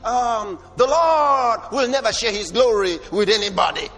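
Man, preacher, sermon, high bright voice, slow deliberate delivery, faint music behind. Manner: emphatic, rhetorical questions, sudden shouts.

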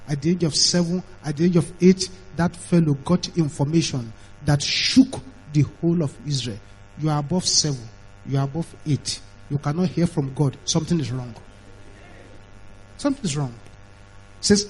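A man's voice: a little high, normal speed, long pauses, breathy edge, rough recording. A middle-aged man, preaching an emphatic sermon that is full of repetition and mimicked voices.

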